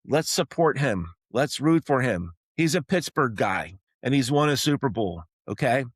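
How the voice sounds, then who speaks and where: A man's voice: medium pitch, lively intonation, normal speed, few pauses, slightly rough, no room sound. A man hosting a solo sports opinion podcast, talking emphatically and repeatedly tacking on "okay?" to drive his points home. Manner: rallying, pleading tone toward fans. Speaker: podcast host.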